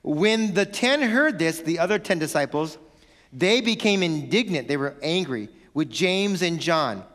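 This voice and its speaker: A man, a pastor, preaching a sermon in a lively, playful way, acting out little scenes from home. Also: fairly high pitch, unhurried, long reverb tail. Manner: animated, playful, acts out family quarrels.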